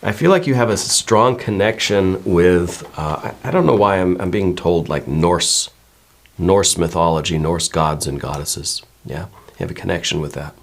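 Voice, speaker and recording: A man giving a tarot reading to his viewers, musing and meandering as he goes, hedging often and checking in with a soft "right?". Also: sits low, normal speed. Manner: musing and meandering, many hedges and repeated "right?". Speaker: tarot reader.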